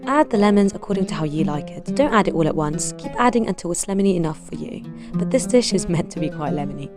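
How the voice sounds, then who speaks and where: A woman's voice: animated, fast, music in the background. A young woman from Palestine, hosting a casual vegan cooking video and telling stories with giggles. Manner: chatty, giggly, acts out relatives in high voices. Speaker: vegan cooking channel host. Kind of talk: casual cooking tutorial and storytelling.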